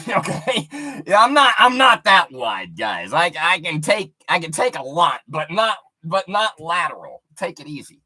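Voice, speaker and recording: A man telling a vulgar story in a crude, animated way, showing moves with his hands. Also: fairly high pitch, measured pace. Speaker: streamer.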